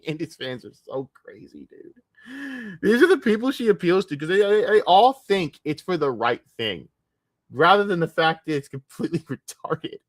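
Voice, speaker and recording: A man's voice: high voice, very animated, normal speed, no room sound, clean studio sound. Profane ranting male streamer. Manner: profane, mocking rants; shifts between shouting and muttering. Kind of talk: reaction stream commentary.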